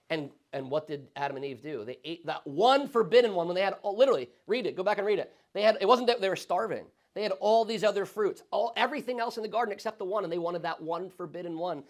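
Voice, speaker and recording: A male pastor teaching a Sunday school Bible study in a conversational, animated way, often checking in with the class. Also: sits high, fast, few pauses. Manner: conversational, animated, frequent tag questions.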